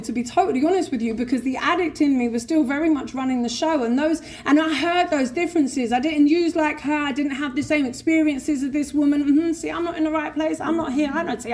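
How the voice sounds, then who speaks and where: Profane London woman telling her story. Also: high voice. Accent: London English. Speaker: speaker sharing her recovery story. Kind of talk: live personal recovery share. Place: convention hall with an audience.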